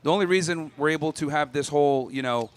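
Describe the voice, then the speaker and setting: A man's voice: on the high side, fast, clean tone. A man on a dating show, arguing his point in a matter-of-fact, lecturing way.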